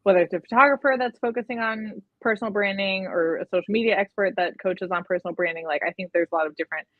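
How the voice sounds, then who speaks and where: A woman's voice: medium pitch, fast, no room sound. A young woman, a guest and personal brand coach, chatting casually in an interview with lots of "like" and "um". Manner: chatty, frequent "like" and "um". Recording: tinny phone-like audio.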